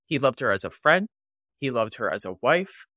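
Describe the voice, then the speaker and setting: A man's voice: mid-range voice, big pitch swings, normal speed, bright, forceful tone, no echo, studio quality. Earnest male podcast co-host. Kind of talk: casual film discussion.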